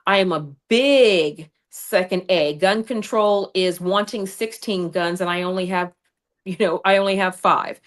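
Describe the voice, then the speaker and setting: A woman's voice: on the low side, measured pace. A woman running for Congress, a guest on a livestream, telling her story in a fiery, combative way. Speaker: congressional candidate. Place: home studio over streaming video call. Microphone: remote streaming mic.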